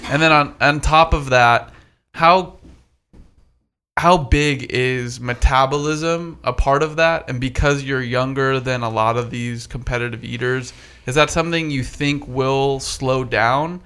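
Smooth, bright-voiced man asking long questions. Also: mid-range voice, fairly even intonation, a little slow. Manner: rambling, long multi-part questions. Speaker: podcast co-host. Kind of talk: casual podcast interview.

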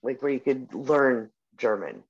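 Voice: mid-range voice, expressive, measured pace, breathy edge. A podcast co-host in their forties, chatting casually with lots of fillers and easy swearing. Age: 40s. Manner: rambling, full of "like" and "um", casual swearing. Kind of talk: casual chat. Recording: muffled lo-fi audio.

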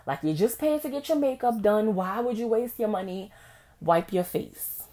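A woman's voice: mid-range voice, lively intonation, moderate pace, mellow, pitched above the performer's own voice, close to an everyday voice. A woman quoting her mother, who scolds her for crying, in a stern, exasperated tone. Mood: scolding.

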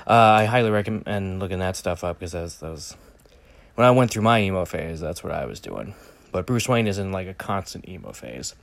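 Rambling, jokey man with a lowish voice. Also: animated, a little fast, vocal fry, no room sound. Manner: rambling, lots of fillers and restarts, jokey. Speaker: vlogger reviewing a movie trailer. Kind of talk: casual solo commentary.

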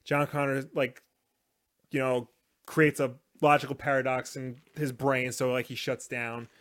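A man's voice: mid-range voice, level tone, a little slow, a bit bright. A man co-hosting a live show in casual chat, rambling with lots of filler words. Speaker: podcast co-host.

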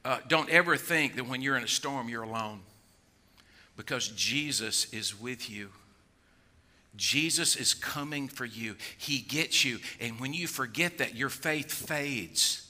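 An older man preaching a sermon, acting out worried voices, then dropping low to draw listeners in. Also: a little slow, bright, forceful tone. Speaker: pastor.

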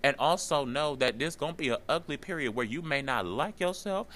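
A man's voice: on the high side, animated, brisk, fairly bright tone, slight background noise. Earnest man talking on his podcast. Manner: earnest, encouraging, repeats himself for emphasis. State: tearful at times. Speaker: podcast host. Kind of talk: solo podcast monologue.

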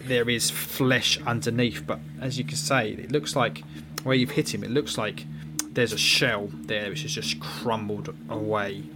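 A man's voice: medium pitch, fairly even intonation, a little slow, music in the background. Rambling man running a game. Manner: loose, rambling, self-mocking. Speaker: game master. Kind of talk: narrating a tabletop horror game. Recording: noisy background.

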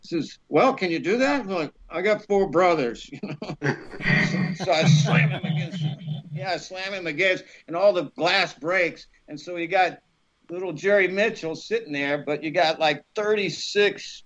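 A middle-aged man, an actor guest, telling lively anecdotes in casual conversation, acting out the voices of the people he quotes and laughing often. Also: high-pitched, measured pace. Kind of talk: casual storytelling interview. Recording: dull lo-fi podcast audio.

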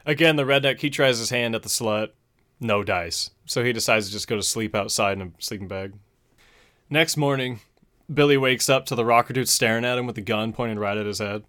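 Male host, easygoing and foul-mouthed, plot-recap delivery at an ordinary pitch. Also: brisk, fairly bright tone. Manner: profane, laid-back retelling with chuckles. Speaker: podcast host. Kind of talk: casual movie recap.

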